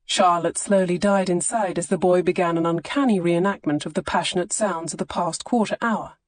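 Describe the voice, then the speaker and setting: A woman narrating a historical romance audiobook in a measured, expressive reading on a close studio mic. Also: lowish voice, dry recording. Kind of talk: scripted narration.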